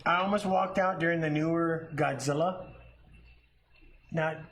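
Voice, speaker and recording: A man's voice: on the high side, steady tone, unhurried, crowd noise. A man co-hosting a casual movie chat, a profane storyteller who laughs a lot. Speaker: podcast co-host.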